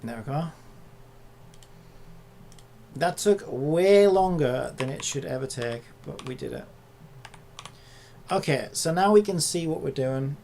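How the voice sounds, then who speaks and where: Gravelly exasperated creator muttering at a computer. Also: mid-range voice, animated, slow pace, long pauses, a little hiss or hum. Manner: muttering and swearing at software, exasperated. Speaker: content creator. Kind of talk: casual commentary while working on screen.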